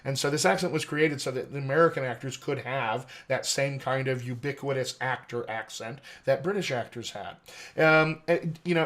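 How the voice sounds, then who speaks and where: Guy accent coach on a podcast, explains stuff like a teacher, lots of "you know", mid pitch. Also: a bit bright. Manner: articulate, teacherly, many "you know" fillers. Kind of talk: explanatory interview talk. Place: podcast studio.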